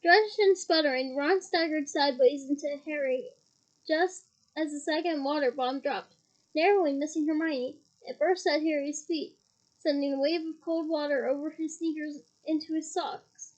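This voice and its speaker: A woman's voice: high voice, moderate pace, rough recording. A woman reading a novel aloud expressively, with small slips and asides. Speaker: reader.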